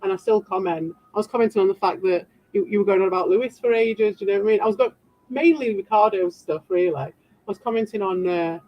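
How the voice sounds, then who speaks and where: A woman's voice: mid-range voice, fast. A British woman livestreaming and answering her chat, rambling defensively and tossing in sarcastic asides. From Britain. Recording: dull lo-fi sound.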